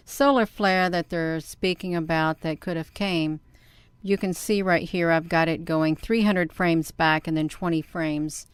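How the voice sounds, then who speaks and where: A woman's voice: on the low side, clear, resonant tone, dry recording. A woman hosting a casual livestream, talking in a rambling, chatty way with many fillers and calling her viewers "you all". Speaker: livestream host. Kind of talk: casual live-stream talk.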